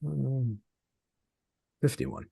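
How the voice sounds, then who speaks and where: A man's voice: mid-range voice, fairly even intonation, drawn-out words, gravelly, mellow, slightly rough, no room sound, clean studio sound. A middle-aged man, an author being interviewed, speaking hesitantly with many fillers and restarts. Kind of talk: conversational interview.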